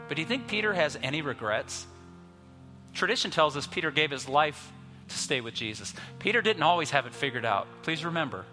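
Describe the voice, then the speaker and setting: A man in his fifties preaching a sermon, storytelling and moving between soft, quiet passages and emphatic ones. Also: on the high side. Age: 50s. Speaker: pastor. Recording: music under voice, long reverb.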